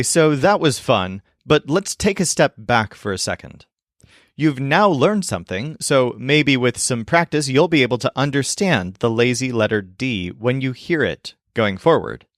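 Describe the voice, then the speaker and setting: Lively man explaining pronunciation. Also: medium pitch, no echo, clean studio sound. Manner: clear, demonstrative, slows to model pronunciation. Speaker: language teacher. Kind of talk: explainer video narration.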